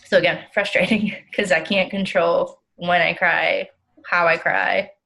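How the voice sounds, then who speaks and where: A woman's voice: on the low side, little pitch movement, unhurried, vocal fry, pushed and bright, heavily acted, poor audio. A young woman playing an overwhelmed, self-critical counseling client, rambling with many "like" fillers in a role-play. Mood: weary, frustrated.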